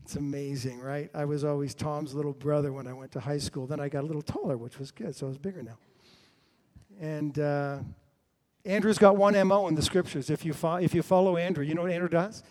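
A middle-aged man preaching a sermon, telling the story with lively swings between loud and hushed delivery. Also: fairly high pitch, a little fast.

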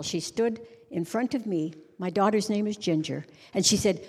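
A middle-aged woman giving a humorous storytelling sermon at a conference, animated and conversational, sometimes breaking into song to make a point. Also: medium pitch, moderate pace, few pauses, slightly rough. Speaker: conference speaker. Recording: long reverb of a large hall.

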